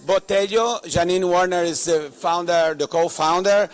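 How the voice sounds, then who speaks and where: Male conference emcee, high voice, playful, joking, loose halting delivery. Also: fairly even intonation, slight background noise. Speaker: conference host.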